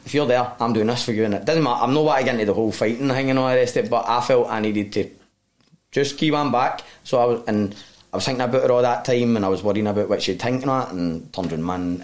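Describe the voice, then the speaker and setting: A man's voice: mid-range voice, fast talker. A man with a Glaswegian accent telling his own story as a guest, in a sweary, heartfelt, rambling way. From Glasgow, Scotland. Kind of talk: candid personal storytelling.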